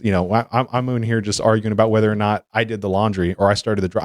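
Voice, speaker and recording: Rambling and self-correcting, a man spins animated stories in a casual podcast discussion. He has a lowish voice and speaks fast, with no echo and clean studio sound.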